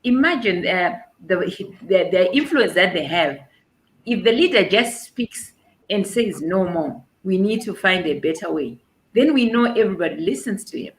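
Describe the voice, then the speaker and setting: A woman's voice: on the low side, animated, moderate pace. A woman hosts an online talk show from an echoey room, and her voice rings off the walls. She welcomes the guests and keeps the talk moving with short, affirming replies. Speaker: host.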